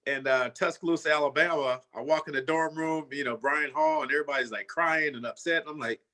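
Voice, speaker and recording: A man's voice: fairly high pitch, fast, bright, forceful tone. A man in his fifties, a former football player, telling his story in a casual way and often saying "you know" and "man".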